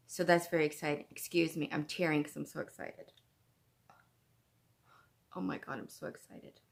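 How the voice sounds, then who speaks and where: A woman from Canada hosting a craft podcast at home, chatting casually in a gushing, excitable way. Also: sits low. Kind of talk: casual chat.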